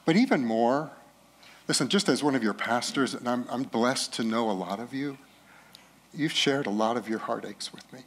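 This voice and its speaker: A middle-aged man preaching a sermon as pastor, rising loud and high at climaxes and dropping soft and slow in tender passages.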